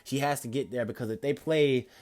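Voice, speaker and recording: A man's voice: medium pitch, fairly quick, a little mellow. A young man improvising a fan-fiction story in a rambling, casual way, full of fillers and self-corrections.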